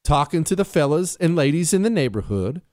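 A male talk radio host with a slightly high voice, recorded dry and close. He hammers home his points by repeating them. He breaks off to tease his co-host. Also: big pitch swings, fairly quick, darkish tone, no room sound. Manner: joking asides, teasing a co-host; emphatic, repeats key phrases.

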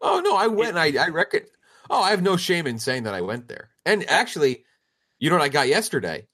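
A man's voice: fairly high pitch, huge pitch swings, a little fast, a bit bright. Laughing storytelling podcast guy. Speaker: podcast co-host. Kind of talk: casual banter.

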